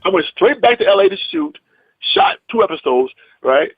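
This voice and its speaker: A comedian telling a story in a lively, emphatic way, acting out the people in it. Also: male voice, very high-pitched, normal speed, creaky, husky, narrow, tinny audio, soft background music. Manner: lively, emphatic, acts out the people in his stories. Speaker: comedian and actor guest. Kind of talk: animated storytelling.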